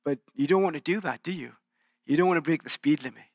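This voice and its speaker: A pastor from England in his forties preaches a sermon in church, sharing personal stories in a conversational, self-deprecating way with frequent restarts. He speaks with an English accent, fast, in a voice on the high side and a little mellow. There's no room sound.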